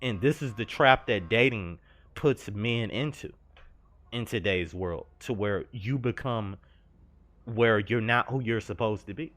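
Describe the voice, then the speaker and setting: A man's voice: lowish voice, unhurried, a bit bright. A young man telling a personal story over gameplay, earnest and confessional, slangy and rambling. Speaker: gaming vlogger.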